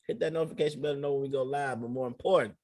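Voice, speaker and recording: A man's voice: mid-range voice, fairly even intonation, very fast, darkish tone, dry recording, studio quality. A young adult man hosting a casual podcast, telling stories loosely in heavy slang with plenty of swearing. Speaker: podcast host.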